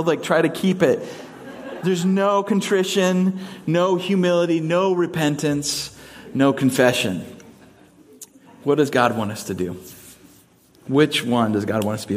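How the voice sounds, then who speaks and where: A man preaching a sermon in a casual, conversational way, mixing humor into it. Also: mid-range voice. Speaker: pastor.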